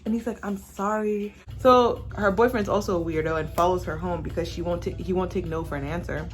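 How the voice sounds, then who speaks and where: A young woman casually recapping a movie on her vlog, sassy and animated, acting out the characters as she talks. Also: fairly low pitch, fairly quick, soft background music. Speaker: vlogger reviewing a movie while doing makeup. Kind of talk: casual chat.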